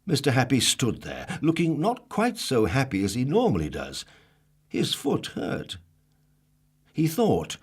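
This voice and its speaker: A man reads a children's story aloud in a low, husky voice. His pitch swoops widely as he tells it. He draws out words and asks the listener playful questions. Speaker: storybook narrator.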